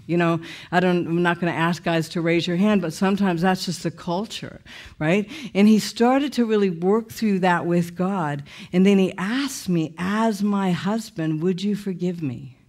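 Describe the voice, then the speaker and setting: A middle-aged woman giving a testimony sermon with animated storytelling. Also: fairly low pitch. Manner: animated storytelling, laughing through the telling. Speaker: speaker sharing her testimony.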